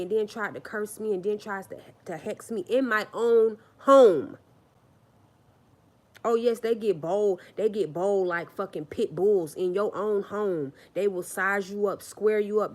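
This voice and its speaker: A woman telling a personal story on a casual livestream, blunt and profane, hammering points home with repeated phrases. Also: medium pitch. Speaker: livestream host.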